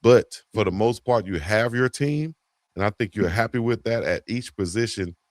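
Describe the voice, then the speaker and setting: A man's voice: on the low side, normal speed, no room sound. A man co-hosting a casual sports talk show, laid-back and fond of repeating a catchphrase. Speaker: co-host.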